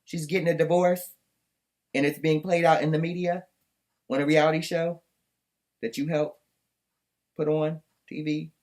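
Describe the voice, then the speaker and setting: A man's voice: fairly high pitch, level tone, normal speed, pauses often, darkish tone. Sassy, foul-mouthed man ranting. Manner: sassy, profane, exasperated ranting. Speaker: podcast host recapping a reunion. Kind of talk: casual commentary with clips.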